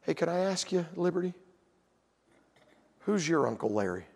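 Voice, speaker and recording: A man preaching from the pulpit, his higher voice carrying a long church-hall reverb. He tells his story plainly and then climbs to forceful, shouted emphasis. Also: very animated, normal speed, gravelly, husky. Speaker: pastor. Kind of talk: sermon.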